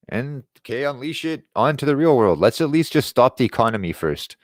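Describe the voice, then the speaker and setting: A man's voice: medium pitch, big pitch swings, a little fast, hardly any pauses, dry recording, clean studio sound. A man hosting an online show, ranting in a sarcastic, profane way. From Quebec. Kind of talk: ranting commentary.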